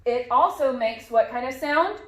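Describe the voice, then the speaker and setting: A woman's voice: high-pitched, lively intonation, moderate pace, roomy sound. A woman teaching a phonics lesson to young children, patiently modeling sounds and words.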